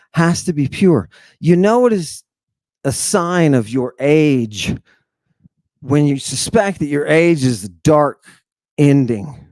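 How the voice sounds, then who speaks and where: A man's voice: a little high, no echo. Theatrical man lecturing. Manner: theatrical, swings between hushed dark asides and excited outbursts. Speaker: lecturer on ancient texts. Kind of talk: informal livestream lecture.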